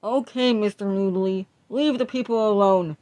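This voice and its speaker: A woman voicing a gruff, bullying male policeman who talks curtly in a low, dismissive tone, in an amateur fan dub. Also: normal speed, a little mellow, natural voice.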